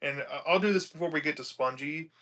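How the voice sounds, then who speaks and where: Male podcast co-host, casual and measured, bright forceful tone. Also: a little high, lo-fi sound. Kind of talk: casual discussion.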